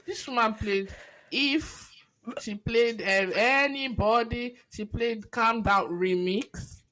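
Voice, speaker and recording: A woman's voice: fairly high pitch, takes it slowly, fairly bright tone. A woman in her twenties, co-hosting a podcast, telling a story in casual chat and laughing often. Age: 20s. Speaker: podcast co-host.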